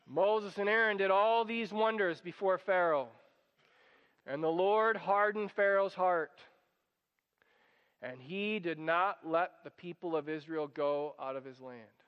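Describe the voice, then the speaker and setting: High-voiced man preaching in a reverberant hall. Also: measured pace, clear, resonant tone. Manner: animated, acts out quoted voices. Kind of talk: sermon. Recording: dull sound with long hall reverb.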